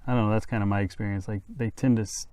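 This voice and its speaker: A man's voice: lowish voice, fairly even intonation, quick pace, dark tone, no room sound. A young man hosting a casual podcast chat, a former teacher who rambles, corrects himself and jokes as he goes. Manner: rambling, self-correcting, joking. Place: outdoors, windy. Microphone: podcast microphones.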